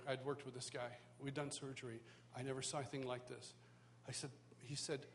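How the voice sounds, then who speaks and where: A man teaching at a worship school, telling a personal story in sermon style with animated, self-mocking humor, recorded live in a church hall. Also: mid-range voice, brisk. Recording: live hall reverb, faint background noise.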